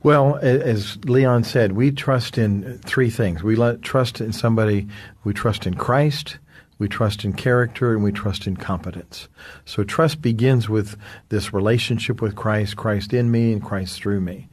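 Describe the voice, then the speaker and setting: A man's voice: lowish voice, measured pace, darkish tone, breathy edge. A man who is a guest speaker, explaining leadership and trust earnestly, laying out numbered points and quoting scripture. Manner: methodical, lays out numbered points and quotes scripture.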